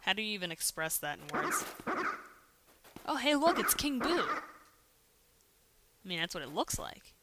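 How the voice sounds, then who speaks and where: A woman casually commenting on a video game as she plays, chatty and excitable, breaking into sudden loud exclamations and silly rhymes, on a home mic without a pop filter. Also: medium pitch, unhurried, pauses often, background noise. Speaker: let's play host. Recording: game music behind voice. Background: game music.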